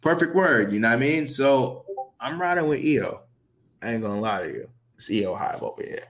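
A man's voice: medium pitch, very animated, moderate pace, fairly bright tone, faint music behind. A man co-hosting a podcast, blunt and teasing in casual chat. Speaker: podcast co-host.

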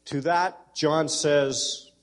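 A man's voice: on the high side, steady tone, drawn-out words. A man pastor preaching a sermon in a conversational way, with folksy humor, and speaking directly to people in the congregation. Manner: addresses congregation members directly.

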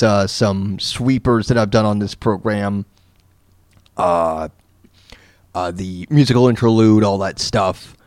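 A man's voice: mid-range voice, darkish tone, no room sound, clean studio sound. A man from Florida hosting his own podcast, telling a story in a loose, rambling way with lots of fillers and restarts. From Florida, USA. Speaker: podcast host. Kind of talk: casual storytelling monologue.

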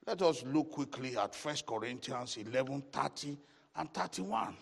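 Gravelly, animated male Bible teacher. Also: medium pitch, normal speed, in a large hall. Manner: animated, lively preaching with rising exclamations and asides.

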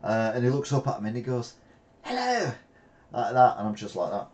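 A man's voice: fairly low pitch, steady tone, quick pace, darkish tone. A man hosting a live weekly news show, reading headlines aloud and adding casual, chatty asides. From Britain. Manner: reads headlines then riffs with asides.

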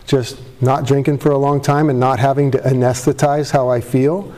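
Candid man, mellow voice. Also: medium pitch, level tone, normal speed. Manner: candid, self-deprecating, rambling with restarts; voice cracks with emotion. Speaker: speaker at a recovery meeting. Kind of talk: personal recovery talk to a live audience. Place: meeting room before an audience.

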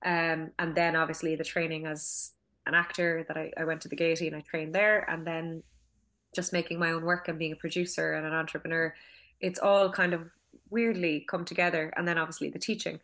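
Bright, lower-voiced Cork Irish woman. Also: little pitch movement, brisk. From Cork, Ireland. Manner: chatty, many restarts and fillers, laughs often. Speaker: filmmaker and acting school director. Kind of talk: casual interview chat. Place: at home.

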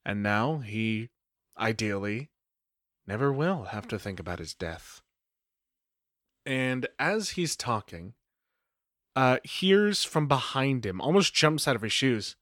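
A man narrating as game master in a relaxed, rambling way, full of fillers and self-corrections. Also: mid-range voice, slow pace, pauses often, no room sound, clean studio sound. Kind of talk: casual tabletop game narration.

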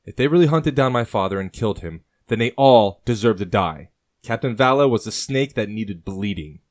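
Guy voicing a cold young assassin from colonial times, deep and quiet, menacing. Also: moderate pace, dry recording, studio quality, lightly acted. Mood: tense. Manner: calm and menacing in threats.

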